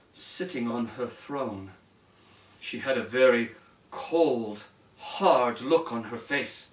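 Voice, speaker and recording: A medium-pitched male storyteller tells a fairy tale to children, animatedly slipping into character voices and speaking directly to his listeners. The sound is roomy, as if recorded from a distance.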